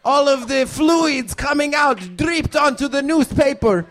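A man's voice: extremely high pitch, unhurried, a bit bright, pitched above the performer's own voice. A man improvising a grown man posing as an eleven-year-old orphan boy, in a mock-earnest manner. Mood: mock-solemn.

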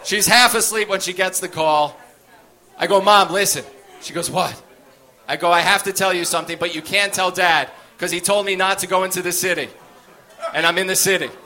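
Bright high-voiced male stand-up comic. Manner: animated, acts out voices in his story. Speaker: stand-up comedian. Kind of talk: stand-up storytelling.

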